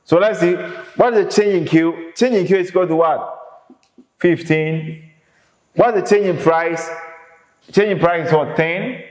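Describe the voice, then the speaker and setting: A man's voice: high voice, unhurried, pauses often, darkish tone. A man teaching an economics lesson in an emphatic way, asking the class questions and then answering them himself. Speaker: economics lecturer. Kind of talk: classroom lecture. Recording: echoey reverberant room.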